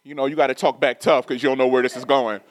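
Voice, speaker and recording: A man's voice: mid-range voice, steady tone, quick pace, dry recording. A middle-aged man preaching a sermon, telling a personal story casually and then building to emphatic, rising preaching.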